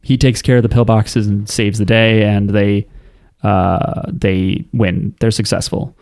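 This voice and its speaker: A man's voice: on the low side, little pitch movement, measured pace, gravelly, a little mellow, smooth, no room sound, studio quality. A man co-hosting a casual podcast, recapping an anime with crude jokes and acted-out quotes. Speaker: podcast co-host.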